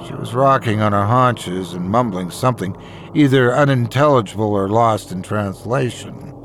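A man narrating a first-person horror story in a measured, dramatic way. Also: fairly low pitch, slight background noise.

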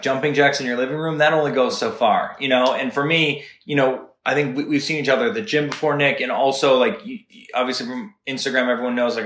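A man talking as a podcast guest, earnest and animated, often checking in with "right?". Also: medium pitch. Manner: earnest, animated, talks fast with many "right?" asides. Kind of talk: casual podcast chat. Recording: roomy echo.

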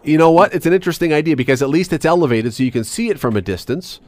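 A man's voice: a little high, expressive, rapid-fire, dry recording. A man hosting an evening radio talk show, chatty and playful, laughing often as he talks in the studio. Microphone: studio microphone.

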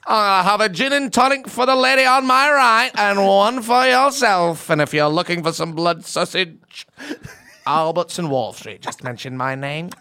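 A man putting on the voice of a blustering older butcher, booming and jolly. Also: normal speed, slight background noise. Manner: booming, shouting a name repeatedly.

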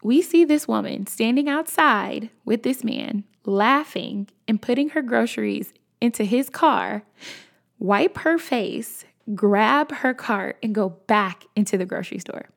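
A young woman in her twenties, hosting a podcast and telling a personal story in a casual, animated, chatty way, talking straight to her listeners. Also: a little high, a little slow, creaky. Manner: animated, conversational, addresses listeners as y'all. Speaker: podcast host.

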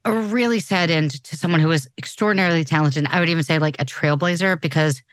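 Talking fast in a low voice, this podcast co-host in her forties keeps the chat casual and loose, frequently starting her sentences over. The sound is dry with no echo.

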